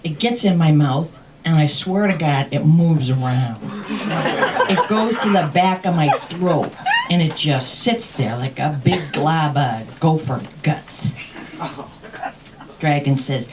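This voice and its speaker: Woman telling a story live, slow. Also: low voice. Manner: expressive, laughing storyteller. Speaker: storyteller and host. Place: cafe performance space. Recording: distant mic with faint room noise.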